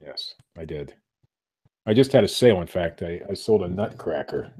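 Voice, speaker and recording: Middle-aged male podcast co-host, very low voice, loose rambling chat, keeps restarting his sentences. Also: lively intonation, moderate pace, a little mellow, breathy edge. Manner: rambling, self-interrupting. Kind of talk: casual chat. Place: home room.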